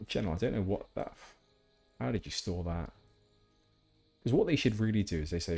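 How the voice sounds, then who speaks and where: A man's voice: on the low side, expressive, brisk, vocal fry, pauses often, darkish tone, soft background music. A man chatting casually while streaming a game, rambling with asides. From England. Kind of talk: casual gameplay chat.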